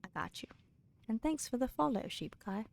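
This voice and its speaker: A British woman streaming a game live, chatting casually with viewers and reading in-game books aloud, laughing often and dropping into soft mutters. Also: a little high, lively intonation, moderate pace, creaky.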